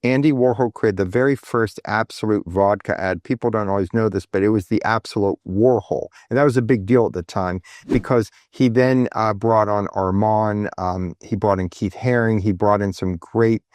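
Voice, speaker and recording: A man in his fifties, a guest in a casual interview, telling stories in a halting way with many fillers and restarts. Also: dry recording, studio quality. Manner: animated, acts out quoted speech with lifted pitch. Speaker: guest artist.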